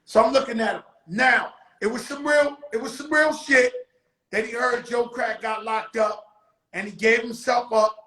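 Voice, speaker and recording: A man telling a story on his show in casual street talk, loudly acting out the quotes. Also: very high voice, moderate pace, reverberant, low-quality recording. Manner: animated, acts out quotes loudly. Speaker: show host.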